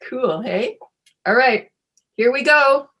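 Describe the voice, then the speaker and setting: A woman presenting a wellness webinar in a relaxed, casual teaching manner, friendly and chatty with frequent fillers. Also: on the low side, measured pace, highs cut off.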